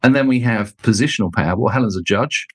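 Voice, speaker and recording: Middle-aged male guest, slightly low voice, expressive anecdote teller, dry close mic. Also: fast talker, slightly rough, no echo. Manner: expressive, acts out quoted people with jumps in pitch. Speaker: guest, leadership author and speaker. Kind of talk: animated storytelling in conversation.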